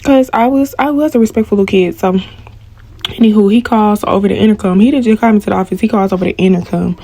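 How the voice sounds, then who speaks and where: A young woman telling a story to viewers while she cooks, animated and full of slang. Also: mid-range voice, fast talker, dry recording. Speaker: cooking vlogger.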